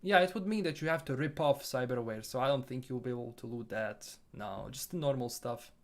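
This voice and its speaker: A man's voice: mid-range voice, a little fast. A man from Bosnia with a Bosnian accent, casually reading viewer comments aloud and answering them on a live stream.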